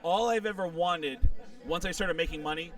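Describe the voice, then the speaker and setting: A man's voice: fairly high pitch, moderate pace, far from the mic. A middle-aged male comedian, a guest telling a long profane anecdote in an interview, quoting other people as he goes. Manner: animated, profane, quotes people in their voices. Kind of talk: storytelling in a podcast interview.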